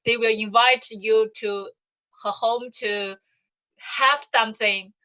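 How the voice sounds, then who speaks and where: A woman from Zhejiang, a native Chinese speaker, teaching in English slowly and haltingly, with many pauses and restarts. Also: fairly high pitch, fairly even intonation, bright, forceful tone, poor audio. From China, Zhejiang province. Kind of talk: classroom explanation in English.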